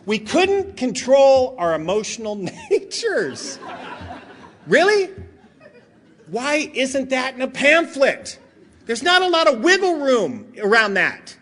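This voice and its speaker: A man's voice: very high-pitched, huge pitch swings, a bit bright. A middle-aged man telling funny stories to a convention crowd, joking and acting out what friends said. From Southern California. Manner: quick, joking delivery, acts out voices of friends. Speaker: speaker at a recovery convention. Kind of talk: comedic storytelling talk. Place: large hotel meeting hall.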